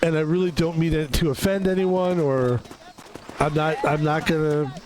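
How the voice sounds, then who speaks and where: A young man streaming a video game, chatting casually in an excitable, rambling way and laughing often. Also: a little high, normal speed, a little hiss or hum, poor audio. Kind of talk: casual live-stream chat.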